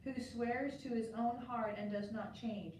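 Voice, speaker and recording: A woman with a fairly high voice reads scripture aloud in a steady, measured way, rising on each call to God. She sits far from the mic in a very echoey church, with a faint hiss underneath. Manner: steady, measured reading, lifting the voice on calls to God. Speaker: scripture reader.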